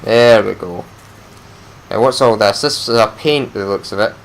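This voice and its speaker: A man's voice: on the low side, normal speed, creaky, a little hiss or hum. A man giving casual let's play commentary as he plays, chatting to himself and grumbling when things go wrong. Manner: chatty, talks to himself while playing, frustrated outbursts.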